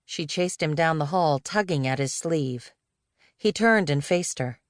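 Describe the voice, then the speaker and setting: A woman reading an audiobook in a steady, measured narration style, recorded on a studio microphone. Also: deep voice, no room sound. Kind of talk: scripted narration.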